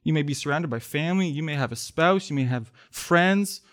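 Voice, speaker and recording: A man preaching a sermon in church, earnest, swelling to emphatic pleas and then sinking soft. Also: a little high, expressive, brisk. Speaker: pastor.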